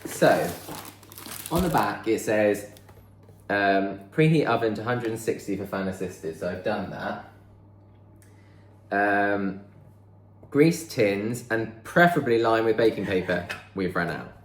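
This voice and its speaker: Taking it slowly with long pauses, a man with a lowish voice chats casually while baking in his home kitchen. This vlogger rambles and thinks out loud as he goes, and the room sounds echoey.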